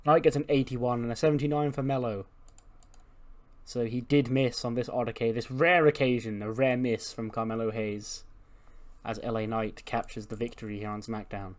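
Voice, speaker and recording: A man's voice: mid-range voice, steady tone, normal speed. Male host, casual laughing play-by-play of a wrestling game. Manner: chatty, laughing, recaps results. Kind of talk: casual commentary on a wrestling sim.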